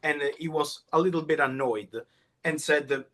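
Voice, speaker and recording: A man with an Italian accent telling a story as a kamishibai storyteller, slipping in Italian phrases with halting restarts. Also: on the high side, steady tone, fairly bright tone. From Italy.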